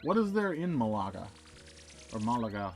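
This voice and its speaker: A man's voice: medium pitch, very animated, moderate pace, a little mellow, faint music behind. A man live streaming a game, chatting casually in a rambling way and answering viewer messages aloud. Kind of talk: casual chat while gaming.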